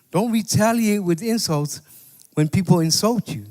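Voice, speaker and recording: A man preaches a sermon in a conversational way, checking in with his listeners as he goes. His voice sits a little high for a man. The sound carries a long reverb, as if from a church hall. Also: animated, a little slow, pauses often, darkish tone. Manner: conversational preaching with repeated "right?" and scripture quotes. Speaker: pastor.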